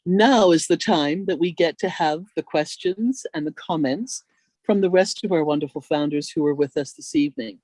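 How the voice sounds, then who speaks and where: A woman's voice: low-pitched, normal speed, a little mellow, no room sound. A woman hosting a video call, graciously calling on speakers one by one. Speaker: meeting host.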